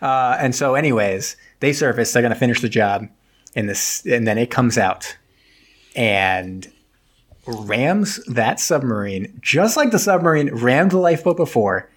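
A man at an ordinary pitch talks through the plot of an old film in a loose, conversational way. He keeps dropping into quick impressions of the characters' lines before carrying on with the story. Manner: retells scenes, acting out characters' lines in quick asides. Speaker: podcast co-host recapping a film. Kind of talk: casual chat.

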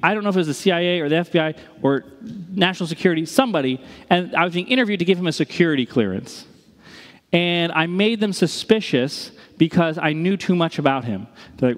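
A man in his thirties, a pastor preaching a sermon, telling stories in an animated way and acting out the people in them. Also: on the high side. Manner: animated storytelling with quoted voices. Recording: reverberant hall.

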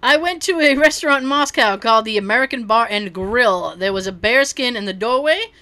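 Bright, lively woman podcast host. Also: on the high side, a little fast. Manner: laughs often, swears casually. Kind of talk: casual podcast chat, reading listener stories.

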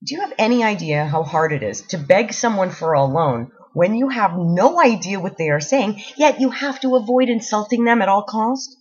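Husky, wry woman reading her blog. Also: medium pitch, expressive, normal speed, few pauses, highs cut off. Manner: wry, self-mocking, comic. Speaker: blog author reading her own post.

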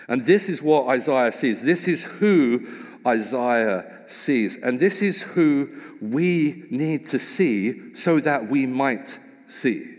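A man preaching a sermon, earnestly reading scripture aloud and then expounding on it with rising emphasis. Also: medium pitch. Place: church hall. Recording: long hall reverb.

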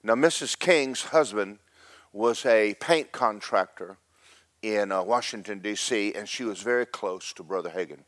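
Middle-aged pastor, lowish voice, dry sound, animated storyteller who shouts then hushes. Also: male voice, unhurried, dry recording. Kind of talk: sermon.

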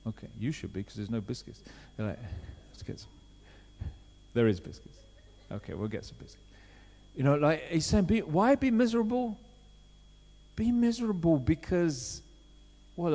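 A man preaching a sermon in a conversational way, swinging from quiet asides to loud urgent appeals. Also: mid-range voice. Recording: long hall reverb.

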